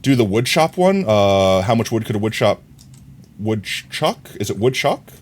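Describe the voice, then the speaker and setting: A man's voice: fairly low pitch, big pitch swings, moderate pace. A young man streaming a game live, chatting casually, rambling and correcting himself, often breaking into laughter. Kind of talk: casual live-stream chat while gaming.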